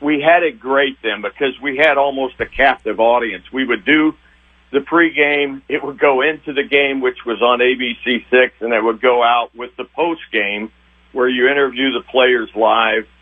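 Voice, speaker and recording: An older man with a husky voice reminisces about his years covering sports, stopping and restarting as the feelings come up. He sounds thin and tinny, as if he is calling in over a phone line. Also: medium pitch, fairly even intonation. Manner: rambling, halting, sentimental. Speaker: retiring TV sports director, guest. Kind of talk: emotional interview reminiscing.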